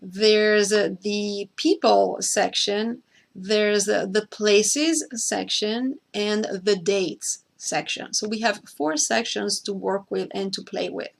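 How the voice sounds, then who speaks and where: A woman walks viewers through a screen-share tutorial, going step by step and repeating the key points so nobody gets lost. Her voice has a noticeable gravelly edge, and it sits at an ordinary middle pitch. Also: steady tone, slow. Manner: addresses a co-host by name. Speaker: host.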